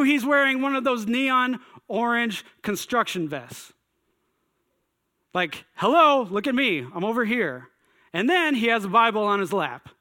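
Telling a story from his own life, this man speaks in a high register and stays animated throughout. He voices his inner thoughts aloud, punctuating them with exclamations.

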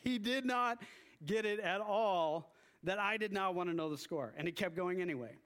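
A man preaching a sermon in a storytelling way, acting out loud exclamations as he tells a story. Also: high voice, normal speed. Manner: storytelling with animated acted-out exclamations.

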